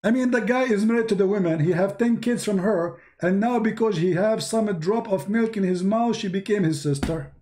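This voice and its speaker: A man with an Arabic accent, a native Arabic speaker from the Middle East, hosting a livestream and telling stories in a mocking, animated way. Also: high-pitched, normal speed, few pauses. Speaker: host. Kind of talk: livestream commentary.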